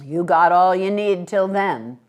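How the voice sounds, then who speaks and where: A woman reading aloud, voicing a blunt, suspicious rural male shopkeeper who speaks loudly. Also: on the low side, big pitch swings, normal speed. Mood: blunt, stubborn.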